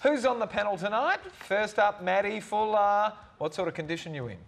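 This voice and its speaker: A man's voice: high voice, expressive, a little fast, vocal fry, fairly bright tone. A man hosting a studio panel show, chatting with guests in a teasing, jokey way. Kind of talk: casual chat, reading viewer letters.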